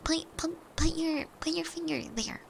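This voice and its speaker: A young woman streamer telling casual rambling stories during an ASMR stream, swearing freely and slipping into soft whispers. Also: very high-pitched, measured pace, vocal fry, slight background noise. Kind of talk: chatty ASMR stream storytelling.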